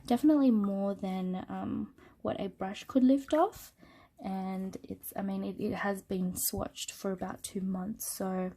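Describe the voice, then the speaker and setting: A woman with a cold gives a casual, unscripted product review into a smartphone. Her voice is nasal and her tone is warm and mellow. She talks through her work loosely, with frequent ums and pauses. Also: mid-range voice, creaky. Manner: relaxed, thinking aloud with many ums while working. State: sick with a cold. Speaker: art channel host.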